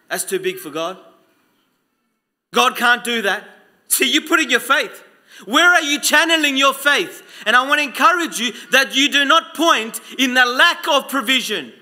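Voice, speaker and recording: A man preaching a live sermon in a church, urging the congregation and swinging between loud calls and hushed lines. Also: extremely high pitch.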